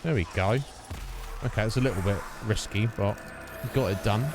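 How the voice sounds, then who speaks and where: A man's voice: on the low side, normal speed, music in the background. A man streaming a video game, chatting casually and thinking aloud as he plays and greets viewers. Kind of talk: casual gameplay commentary.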